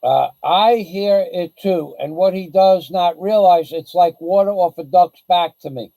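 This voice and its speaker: Gravelly, blunt-talking male streamer. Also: sits high, measured pace, dark tone, no room sound, poor audio. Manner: rambling, boastful, blunt, with restarts. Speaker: livestream host. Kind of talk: casual livestream chat. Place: the Philippines.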